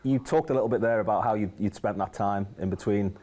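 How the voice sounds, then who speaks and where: A man's voice: lowish voice, fast, dark tone. A man interviewing a football manager for a club channel, asking questions in a friendly, conversational way. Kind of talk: media interview.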